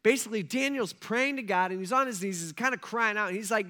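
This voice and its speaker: A man's voice: sits high, fast, bright, forceful tone. A man preaching a sermon in a conversational way, often checking in with his listeners. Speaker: pastor.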